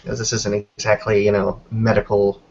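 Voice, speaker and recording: A man's voice: fairly low pitch, completely flat delivery, a little fast. Hesitant man narrating a tabletop game. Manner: hesitant, many fillers and hedges. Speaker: player. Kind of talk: tabletop role-play narration. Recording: dull lo-fi with faint noise.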